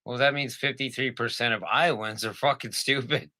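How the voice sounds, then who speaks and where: A man's voice: mid-range voice, steady tone, normal speed, sharp tone, dry recording, clean studio sound. A man co-hosting a podcast, trading crude jokes with a lot of laughter and swearing. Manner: profane, laughs often, jokey impressions. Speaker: podcast co-host. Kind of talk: crude comedic banter.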